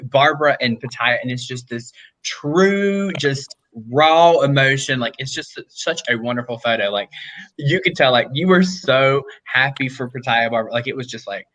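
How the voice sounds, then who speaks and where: A man in casual chat, fondly reminiscing about a pageant moment and slowing down on key words. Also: mid-range voice, lively intonation, fairly bright tone, rough recording.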